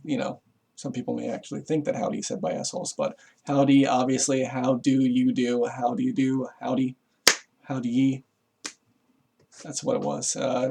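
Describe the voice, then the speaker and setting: A man's voice: mid-range voice, vocal fry, warm tone, husky. A man giving a rambling, casual explanation to camera, full of fillers and swearing, chuckling as he goes. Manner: rambling, profane, chuckles often, lots of fillers. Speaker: vlogger.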